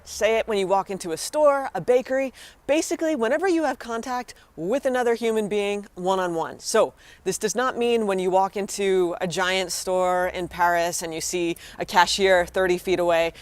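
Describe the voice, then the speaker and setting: A woman's voice: mid-range voice, a little fast, dry recording. An American woman, a young adult, chatting casually to viewers as she teaches everyday phrases. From United States. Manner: chatty and encouraging, addresses viewers directly. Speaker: vlogger teaching French phrases. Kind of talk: casual vlog lesson.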